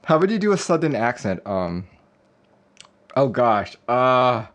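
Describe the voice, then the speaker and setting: A man's voice: medium pitch, big pitch swings, measured pace, highs cut off, slight background noise. A man hosting a casual livestream, rambling and chuckling as he reads viewer messages. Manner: rambling, chuckling, reading chat aloud. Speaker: livestream host. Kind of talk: casual live-stream chat.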